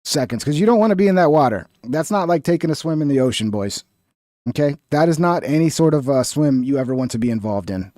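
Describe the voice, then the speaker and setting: A man's voice: fairly high pitch, animated, fast talker, hardly any pauses, dark tone, no room sound, clean studio sound. A man hosting a casual reaction stream, talking in a crude, rambling, profane way.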